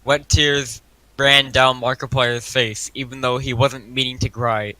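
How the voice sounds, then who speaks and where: A young man reading a horror story aloud as a joke. He is loud, swears and laughs a lot. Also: mid-range voice, flat delivery, measured pace, no echo, rough recording. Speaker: reader.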